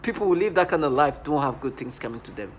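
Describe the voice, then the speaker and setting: A man's voice: fairly high pitch, lively intonation, slight background noise. A man talking to camera in a personal video monologue, earnest and agitated, often breaking off words and restarting. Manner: halting, with frequent restarts and broken-off words. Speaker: vlogger.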